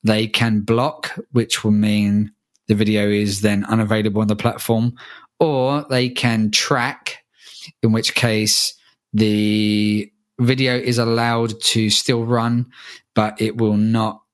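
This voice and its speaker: A man co-hosts a casual podcast, guiding the talk with questions and dropping in light joking asides. His voice sits somewhat low. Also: little pitch movement, slow. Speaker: podcast co-host.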